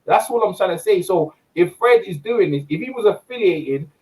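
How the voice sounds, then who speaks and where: A high-pitched man hosting a lively boxing chat. He rants in an animated, repetitive way, stacking rhetorical questions as he talks. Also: normal speed, low-quality recording. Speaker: host. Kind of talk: casual boxing debate.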